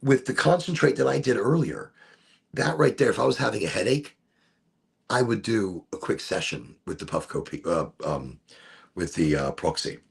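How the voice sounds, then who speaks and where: A man with a gravelly, husky voice talks in a loose, rambling way and often doubles back on his words. He hosts an easygoing smoke session as a casual chat. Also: lowish voice, moderate pace. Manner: rambling, relaxed, repeats words. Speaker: host of a cannabis smoke session.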